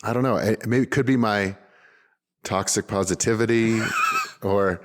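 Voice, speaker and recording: A man's voice: on the low side, a little slow, fairly bright tone. A man in his forties co-hosting a podcast, chatting casually and upbeat, rambling with lots of "like" and restarts. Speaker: podcast co-host. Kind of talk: casual unedited chat.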